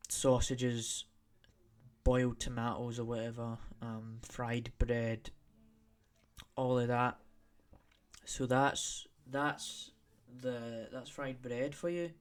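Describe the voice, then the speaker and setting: A man's voice: mid-range voice, clear, resonant tone. A young Scottish man hosting a solo podcast, rambling off on tangents and repeating himself as he talks. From Scotland. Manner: rambling, tangent-prone, repetitive. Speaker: podcast host.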